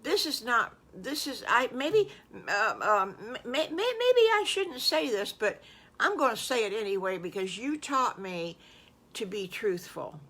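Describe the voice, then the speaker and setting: Grandmother voicing a shy, eager storybook wolf pup, stumbling over his words, raised and bright. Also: fairly high pitch, sing-song, unhurried, exaggerated voice. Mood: hesitant. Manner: hesitant, stumbling. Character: sweet, eager young male wolf.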